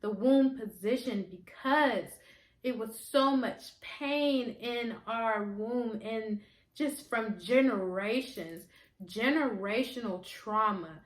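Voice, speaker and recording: Slow, earnest woman telling her story. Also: medium pitch. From United States. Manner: emotional, earnest, repetitive phrasing. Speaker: holistic healer and conjure woman. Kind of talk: personal storytelling. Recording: echoey room.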